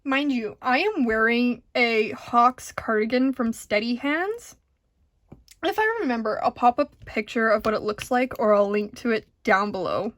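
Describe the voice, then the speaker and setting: Giggly high-voiced young woman. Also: moderate pace, no echo. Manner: excitable, giggly, fangirling. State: jittery on caffeine. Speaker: diamond painting vlogger. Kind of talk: casual storytelling chat.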